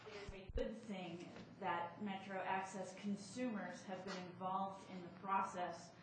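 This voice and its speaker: A woman's voice: mid-range voice, fairly even intonation, unhurried. A woman giving a formal public comment at a board meeting. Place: large meeting room. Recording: echoey room, distant mic, background noise.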